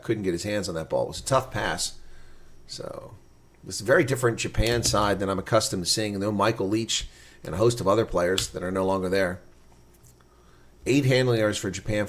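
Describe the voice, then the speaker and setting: A man giving live reaction play-by-play commentary, excitable and blunt, his voice climbing sharply during big plays. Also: lowish voice. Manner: blunt and opinionated.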